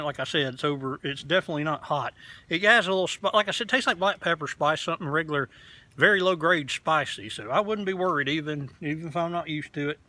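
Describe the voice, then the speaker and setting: The host of a casual beer review vlog speaks outdoors in a fairly high, pushed and bright voice. He rambles frankly about the beer, cursing casually as he goes.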